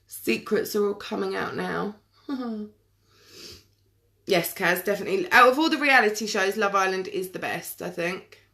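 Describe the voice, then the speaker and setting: Brief: woman hosting a makeup live stream, rambling and chatty, mid-pitched. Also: moderate pace, creaky, pushed and bright. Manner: chatty, rambling, answers viewer comments by name. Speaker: makeup tutorial host. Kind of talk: casual live-stream chat while doing makeup. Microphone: webcam or phone on a live stream.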